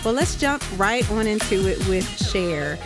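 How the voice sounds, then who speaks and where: A woman in her thirties hosting a podcast, ranting in a casual, animated way and acting out her own reactions. She sounds tired and half awake. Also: mid-range voice, unhurried, music in the background. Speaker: podcast host.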